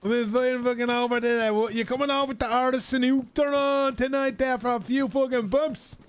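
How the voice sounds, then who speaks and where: A man doing a high, rowdy, swearing party-guy voice during a game stream. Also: steady tone, fairly quick, clear, resonant tone. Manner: shouty, swearing.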